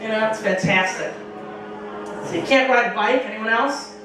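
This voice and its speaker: Profane high-voiced woman doing stand-up. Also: moderate pace, background noise. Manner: profane, animated storytelling with acted-out quotes. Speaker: stand-up comedian. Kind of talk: stand-up comedy set. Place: small bar stage with a live audience. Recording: echoey room, mic from far off.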